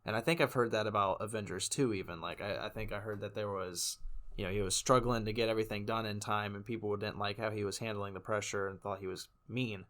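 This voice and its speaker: A man's voice: fairly low pitch, fairly even intonation, fast talker, a bit bright. A man co-hosting a podcast in casual chat, rambling and laughing often between jokes. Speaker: podcast co-host.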